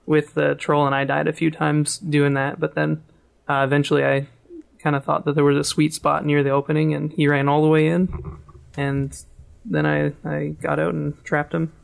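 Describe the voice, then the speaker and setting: A man appearing as a podcast guest, chatting casually and hesitantly with many pauses. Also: on the high side, level tone, gravelly. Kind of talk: casual chat.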